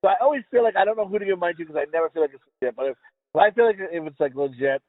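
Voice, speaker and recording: A man's voice: high-pitched, expressive, racing, dry recording. A man from the US East Coast co-hosting a podcast, rambling and swearing as he tells stories in casual chat, stumbling over his words. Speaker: podcast co-host. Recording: tinny phone-like dry sound.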